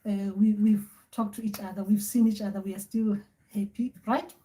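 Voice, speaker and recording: A woman's voice: medium pitch, flat delivery, moderate pace, mellow. A woman hosting a spiritual advice session, talking in a casual, rambling and repetitive way with many fillers. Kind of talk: casual livestream talk.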